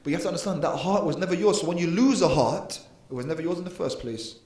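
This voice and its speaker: A man's voice: a little high, animated, quick pace, a little mellow. A man giving an earnest mosque lecture, emphatic, with sudden rises and drops in volume. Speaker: preacher. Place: mosque hall. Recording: echoey mosque hall.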